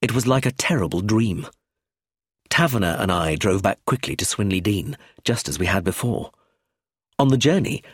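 A male audiobook narrator with a husky voice and a very animated pitch that rises and falls with the story. He reads in a measured, expressive way. The sound is dry and close. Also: dry recording. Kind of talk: scripted narration.

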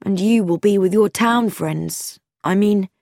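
A woman's voice: medium pitch, measured pace, creaky, darkish tone, no room sound, clean studio sound. A woman voicing an earnest, loyal young man, the son of a vicar, speaking plainly and frankly in a storybook reading. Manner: plain, frank, self-deprecating.

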